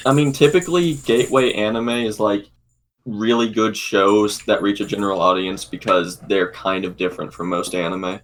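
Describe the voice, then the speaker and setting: A man's voice: fairly low pitch, normal speed, a bit bright. A young man co-hosting a podcast over an online voice call, chatting and explaining with lots of filler likes. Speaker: podcast co-host. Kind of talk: casual chat.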